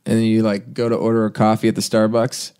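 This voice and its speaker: A man's voice: lowish voice, completely flat delivery, fairly quick, darkish tone, clean tone. A man from Canada co-hosting a casual podcast, who tells stories in a laid-back, self-mocking way and fills them with "like". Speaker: podcast co-host and producer. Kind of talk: casual chat.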